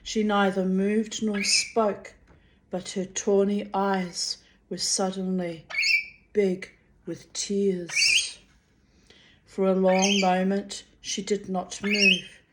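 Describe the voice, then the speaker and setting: Brief: a woman reading aloud from a novel, unhurried and gentle, mid-pitched. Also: little pitch movement, heavy background noise. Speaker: reader. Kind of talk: audiobook narration.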